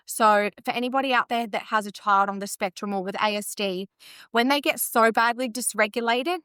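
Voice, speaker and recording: A woman's voice: a little high, fairly bright tone, no room sound, clean studio sound. An Australian woman in her thirties, speaking as a podcast guest in candid conversation, earnest and tumbling, often restarting her sentences. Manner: earnest, tumbling, self-correcting speech.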